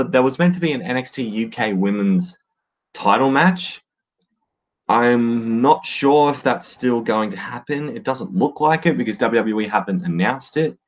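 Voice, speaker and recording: Blunt, low-voiced man ranting casually. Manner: blunt, swears freely, many fillers. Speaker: wrestling podcaster. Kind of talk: casual solo commentary. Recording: dull lo-fi sound.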